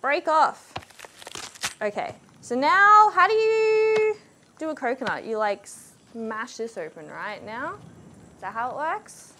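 A young woman streams a game and reacts out loud, exclaiming and laughing often. Her voice is high and swoops all over, though she talks at an unhurried pace. Game sounds play loudly behind her. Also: sing-song, noisy background. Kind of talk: live gameplay commentary.

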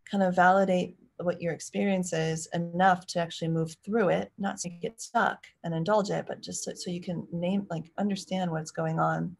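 A woman in her thirties with a low, gravelly voice coaching parents live. She talks in a chatty, easy way and slips into short acted lines as parent or child. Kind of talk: live-stream Q&A.

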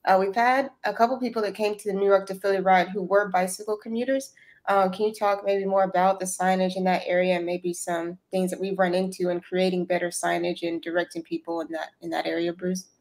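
A woman's voice: medium pitch, a little fast, darkish tone. A woman with a Southern US accent moderates a webinar over a video call, politely reading out audience questions. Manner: polite, thanks askers by name.

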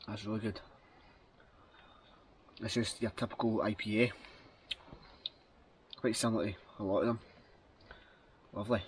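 Talking to camera outdoors in a forest, a Scottish vlogger stays chatty and upbeat while thinking aloud. His fairly low voice has fairly even intonation and a moderate pace with long pauses, and there's slight background noise.

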